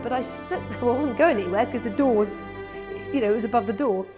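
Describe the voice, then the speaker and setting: A woman from England telling an animated anecdote in a talk, dropping to slow, hushed asides when quoting. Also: on the high side, over music. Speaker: animal communicator giving a talk.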